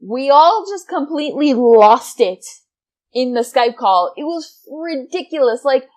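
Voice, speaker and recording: Animated young woman telling a story. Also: sits high, unhurried. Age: 20s. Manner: animated, swears casually, breaks into laughter. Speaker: gaming vlogger. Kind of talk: casual storytime narration.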